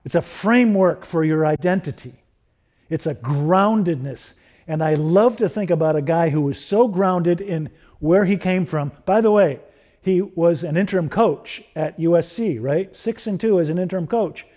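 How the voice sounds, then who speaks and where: A middle-aged man preaching a sermon, building through repeated rhetorical questions and softening into personal stories. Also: a little high, moderate pace. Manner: rhetorical questions, rising emphasis. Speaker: pastor.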